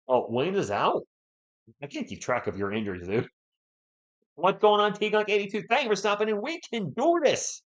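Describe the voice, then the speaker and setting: A man's voice: high-pitched, a little fast, pauses often, muffled recording. A man hosting a fan live stream, calling the game play by play and bantering with the chat. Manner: animated, partisan, banters with chat.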